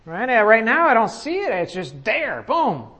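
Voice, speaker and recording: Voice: medium pitch, sing-song, normal speed, sharp tone. A preacher giving a sermon as a conversational personal story, with frequent restarts and questions to the audience.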